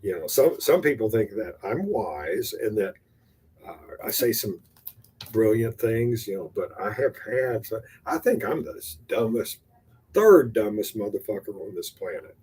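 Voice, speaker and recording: An older man from Texas, rambling and halting as he chats casually and rehearses his stand-up, poking fun at himself. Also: on the low side, lively intonation, a little mellow, slightly rough. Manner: rambling, halting, self-deprecating. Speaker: amateur stand-up comedian.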